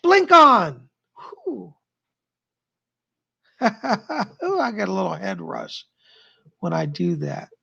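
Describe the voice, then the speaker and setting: A middle-aged man with a strained, gravelly voice, chatting with viewers and leading a guided meditation on a live stream. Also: high voice, very animated, lo-fi sound. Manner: chatty, gentle, thanks viewers by name; slow soothing guidance in meditation. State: strained, worn voice. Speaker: psychic medium streamer.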